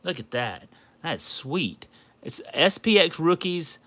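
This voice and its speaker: Male livestream host, bright, gushing, excitable; casual chat. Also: a little high, takes it slowly. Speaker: card collecting livestream host. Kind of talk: casual livestream chat while opening a package.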